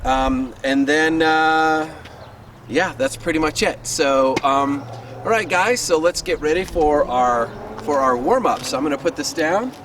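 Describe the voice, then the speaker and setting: A man's voice: a little high, measured pace. A man coaching a sword fighting class outdoors in his neighborhood, upbeat and encouraging, counting out reps, a little winded. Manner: upbeat and encouraging, chatty with fillers. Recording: distant mic with loud street noise.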